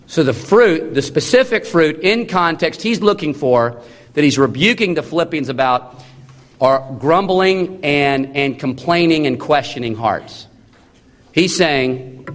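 Thirties male pastor, emphatic sermon delivery, slightly high voice, long church reverb. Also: expressive. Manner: emphatic preaching with sudden drops to a low, slow, solemn tone. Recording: long reverb of a large hall.

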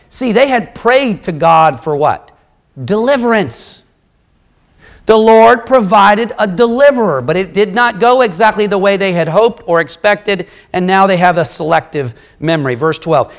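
A man preaching a sermon, reading scripture and explaining it with lively, conversational asides. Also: on the high side, normal speed. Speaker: pastor.

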